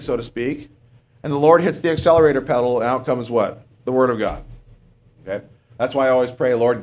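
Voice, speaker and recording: A male preacher giving a conversational sermon, often asking the congregation questions and adding "okay?" as he goes. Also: medium pitch.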